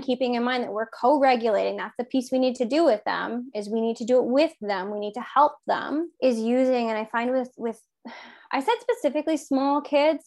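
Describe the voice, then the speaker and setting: A woman in her thirties with a fairly high voice, talking casually about raising kids. She is animated and jumps into the quoted lines in a higher voice. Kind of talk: casual parenting chat.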